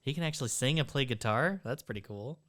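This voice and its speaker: A young woman chatting casually on a podcast, easygoing and quick to laugh, often quoting imagined reactions. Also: very deep voice, lively intonation, fairly bright tone, no room sound, studio quality.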